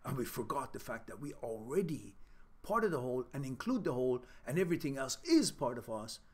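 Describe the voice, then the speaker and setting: A man hosting a casual live-stream Q&A, speaking at a middling pitch. He rambles loosely and often restarts his sentences between reflective remarks. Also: big pitch swings, a little fast, husky. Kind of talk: casual live-stream chat, reading viewer comments.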